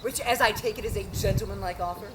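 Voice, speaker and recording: A woman's voice: mid-range voice, fast, background noise, close to an everyday voice. A woman playing a garrulous older nurse on stage, teasing and complaining with groans and laughs. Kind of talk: live stage acting.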